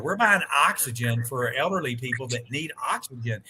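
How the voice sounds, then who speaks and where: A man chatting as a guest on a live stream over a video call, telling animated stories, acting out quoted dialogue and swearing mildly. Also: medium pitch, normal speed, slight background noise. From United States. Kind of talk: casual chat.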